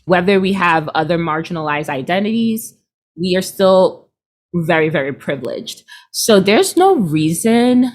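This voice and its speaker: 30s woman guest on an interview, kinda low voice, chatty, does little voices for people she quotes. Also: unhurried. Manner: chatty, animated, quotes people in put-on voices, laughs often. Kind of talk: casual interview chat.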